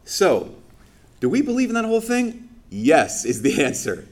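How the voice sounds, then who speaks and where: A man's voice: fairly high pitch, huge pitch swings, moderate pace. A man giving a conversational sermon as a priest during Mass. He talks casually with lots of fillers and acts out people's reactions.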